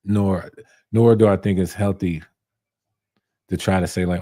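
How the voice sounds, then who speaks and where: A man's voice: sits low, little pitch movement, moderate pace, long pauses, mellow, dry recording, clean studio sound. A young man who reviews barber tools, chatting casually on a live stream, reading viewer comments and answering in a laid-back, slangy way that repeats itself.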